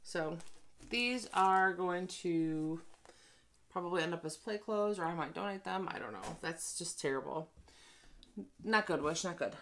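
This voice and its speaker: A woman's voice: lowish voice, unhurried, a bit bright, slight background noise. A tired woman chatting casually as she reviews a haul, ranting and making self-deprecating asides. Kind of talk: casual chat.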